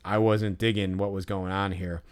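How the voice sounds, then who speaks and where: A man's voice: low voice, level tone, normal speed, clean tone. A young man and podcast co-host telling a long, profane, ranting story in casual chat.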